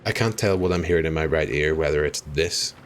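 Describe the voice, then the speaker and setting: A man's voice: a bass voice, a little fast, slight background noise. A young Irish man streaming a game live, chatting with viewers as he plays, laughing often and apologizing easily. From Ireland.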